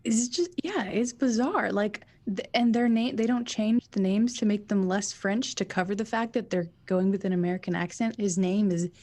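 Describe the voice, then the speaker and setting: A woman co-hosting a podcast, chatting casually in quick bursts with giggles and restarts. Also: mid-range voice, darkish tone. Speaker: podcast co-host. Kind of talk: casual chat.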